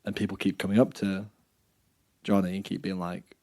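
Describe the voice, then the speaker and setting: A man with a slightly low voice recounts a role-play game in casual podcast chat. He drops soft and quiet for the sad parts and gets loud when he jokes. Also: moderate pace, pauses often. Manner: lively storyteller, soft and low when telling sad scenes, loud when joking.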